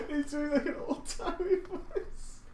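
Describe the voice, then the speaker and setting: A woman chatting excitedly, laughing and swearing while playing a board game. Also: high-pitched, slight background noise. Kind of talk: casual banter at a game table. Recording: echoey room.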